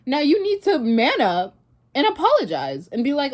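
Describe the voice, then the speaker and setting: A woman's voice: sits high, huge pitch swings, moderate pace. A young woman vlogger casually retelling a story and reacting, rambling with many fillers and restarts.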